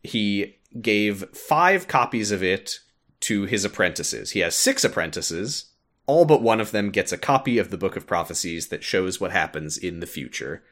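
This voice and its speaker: Lively low-voiced man recapping a game. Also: normal speed. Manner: animated, laughs often, recaps with filler "uh". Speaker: podcast co-host explaining a game story. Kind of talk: casual chat.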